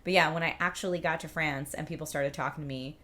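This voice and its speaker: A woman's voice: low-pitched, steady tone, fast, bright, forceful tone. A woman hosting a livestream, chatting casually and reading out viewer comments in an upbeat, rambling way. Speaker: livestream host.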